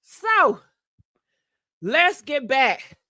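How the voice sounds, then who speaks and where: A woman hosting a casual gossip livestream, sassy and animated, chatting to viewers and laughing often. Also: high-pitched, drawn-out words, dry recording, studio quality. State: short of breath.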